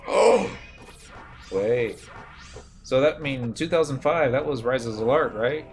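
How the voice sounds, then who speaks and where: A man in his thirties talks over his gameplay in a loose, rambling way, drifting into old stories and poking fun at his own slip-ups. His voice sits at an ordinary middle pitch. Clear game music plays behind him. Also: expressive, slow. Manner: rambling, reminiscing, self-mocking. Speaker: game streamer. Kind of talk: casual gameplay commentary.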